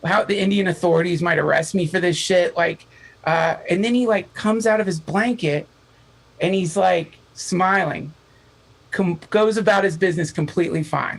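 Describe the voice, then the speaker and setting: Gravelly man telling a wild story. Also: sits high, normal speed, rough recording. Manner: animated, profane, acts out quoted voices. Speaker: podcast guest. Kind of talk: casual storytelling chat.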